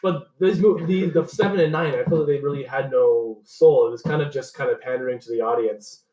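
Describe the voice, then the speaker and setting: A young man co-hosting a casual podcast, giving opinions with halting restarts. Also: medium pitch, warm tone, recorded from a distance. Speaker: podcast co-host. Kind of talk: casual chat. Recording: echoey room, set back from the mic.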